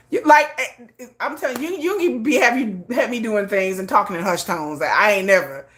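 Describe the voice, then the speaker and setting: A woman hosting a casual livestream chat, animated and laughing often. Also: medium pitch, fairly quick. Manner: animated, laughs a lot, switches into hushed and sung put-on voices. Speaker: livestream host.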